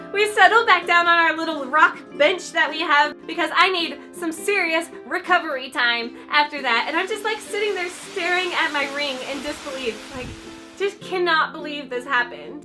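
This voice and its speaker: A woman's voice: very high voice, lively intonation, moderate pace, pushed and bright. A young woman in her twenties telling a storytime vlog in a gushing, chatty way, full of "like". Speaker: YouTuber. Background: light ukulele music.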